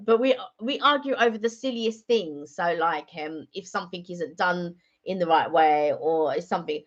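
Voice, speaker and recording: A woman's voice: on the low side, animated, moderate pace. A woman hosting a casual live stream chat, rambling and chatty with many fillers. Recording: dull lo-fi sound.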